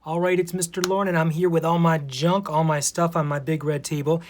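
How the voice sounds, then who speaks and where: A man's voice: fairly high pitch, fairly even intonation, a little fast, a little hiss or hum. A man teaching preschoolers in a video, explaining step by step in a friendly, patient way. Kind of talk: instructional video for young children.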